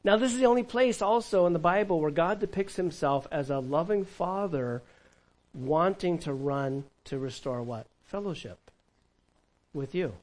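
A male pastor delivers a conversational sermon in a church. His voice sits a little higher than most men's. He swings between emphatic, raised lines and soft, hushed asides. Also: normal speed, rough recording. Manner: animated, conversational preaching with sudden drops to a hush.

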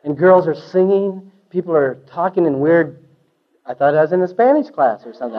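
Man telling a lively church testimony, lo-fi. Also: a little high, a little fast. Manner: animated storyteller, hippie slang, swings from loud to hushed. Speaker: testimony speaker. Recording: dull lo-fi recording.

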